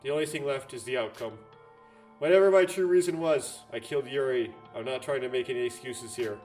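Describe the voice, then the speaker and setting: A man voicing a young male boxer who admits to a murder, speaking in a flat, resigned way, reading game lines aloud. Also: medium pitch, brisk, faint music behind, pitched below the performer's own voice, lightly acted. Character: male teen boxer, calm killer turned cold.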